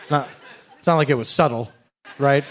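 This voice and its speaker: A man's voice: medium pitch, fairly quick. A man doing a comic monologue, sarcastic and mock-formal, often laughing as he talks. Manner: laughs through his words. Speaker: comedian.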